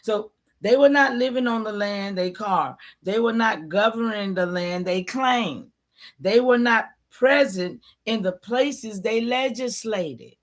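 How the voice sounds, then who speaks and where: A middle-aged woman hosting a livestream, talking in a preachy way and calling out to her viewers, with a tickle in her throat that makes her clear it often. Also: mid-range voice, takes it slowly. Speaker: livestream host. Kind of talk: casual livestream talk.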